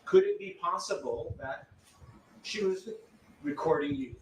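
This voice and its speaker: A somewhat high-voiced man questions a witness in court, pressing for yes-or-no answers. He sits well away from the microphone, so his voice comes through distant and echoey. A faint room hum sits underneath. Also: a little slow. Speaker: attorney. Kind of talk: courtroom cross-examination.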